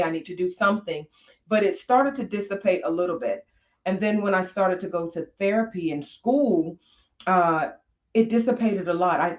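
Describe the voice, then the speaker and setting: A woman's voice: mid-range voice, echoey room. Reflective woman co-host sharing stories. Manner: reflective, storytelling with frequent fillers. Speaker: podcast co-host. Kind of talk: candid conversation on marriage.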